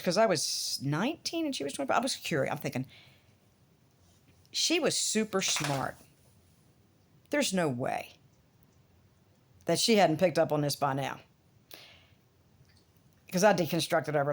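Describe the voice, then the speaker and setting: A middle-aged woman from the United States ranting casually to camera, swearing freely. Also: mid-range voice. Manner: animated, swearing, talks to her dogs in between. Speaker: vlogger.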